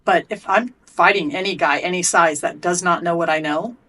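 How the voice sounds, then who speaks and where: Middle-aged woman guest, blunt and sweary, lowish voice, just tells it how it was. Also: moderate pace. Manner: blunt and profane, animated retelling. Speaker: guest, athlete and coach. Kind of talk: candid storytelling in a podcast interview.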